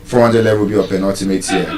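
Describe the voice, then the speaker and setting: A man giving a live lesson on word stress, deliberate and teacherly, repeating key terms. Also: deep voice, steady tone, a crowd in the background. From Nigeria. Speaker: English language teacher. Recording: roomy sound, mic far off.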